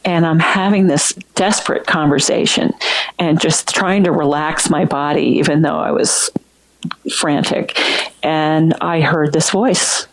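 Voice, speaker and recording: A woman guest earnestly recounting a personal story in an interview, halting and restarting as she goes. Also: sits low, fairly even intonation, creaky, low-quality recording. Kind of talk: emotional first-person storytelling.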